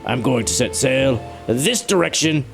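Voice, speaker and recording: A man's voice: unhurried, gravelly, music in the background. A young man giving jokey, self-mocking commentary while playing a survival game. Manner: animated, playful pitch swings. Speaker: gaming YouTuber. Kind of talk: let's play commentary.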